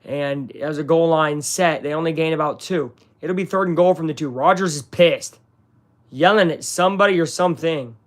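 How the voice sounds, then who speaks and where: A man hosting a live stream, giving chatty play-by-play commentary and reacting excitedly to the action while talking to his viewers. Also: fairly high pitch, moderate pace. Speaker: streamer hosting a live game watch-along.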